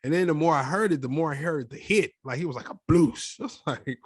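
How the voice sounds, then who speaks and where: A young man co-hosts a relaxed podcast and tells his story with lively, acted-out quotes. His voice sits a little high, and the sound is dry and close, with no room echo. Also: fast talker, breathy edge. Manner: animated storytelling, acts out quotes. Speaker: podcast co-host. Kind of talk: casual chat.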